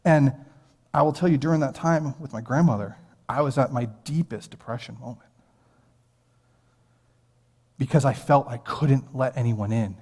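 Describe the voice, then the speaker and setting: An American man in his thirties preaches from the pulpit and tells a personal story in an earnest, conversational way. His voice sits at an ordinary middle pitch. A long church-hall reverb trails after his words. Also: normal speed, pauses often, darkish tone, breathy edge. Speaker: pastor. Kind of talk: sermon. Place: church sanctuary.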